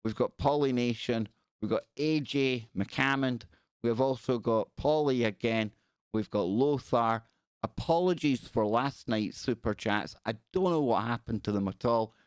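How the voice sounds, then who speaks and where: A man's voice: mid-range voice, a little slow, clean tone, no room sound, clean studio sound. A Scottish man hosting a live call-in radio show, chatting loosely and reading news stories aloud with rambling asides. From Scotland.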